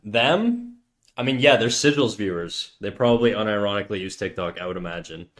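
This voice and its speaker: A man's voice: lowish voice, animated, fairly quick. A young man streaming while drawing, chatting with viewers in a joking, ranting way with lots of swearing. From United States. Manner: ranting, joking, heavy swearing, mock outrage.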